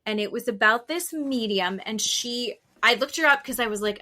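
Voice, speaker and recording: Bright-voiced chatty woman podcaster. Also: fairly high pitch. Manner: chatty, rambling, quick asides. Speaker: podcast co-host. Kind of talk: casual chat, storytelling.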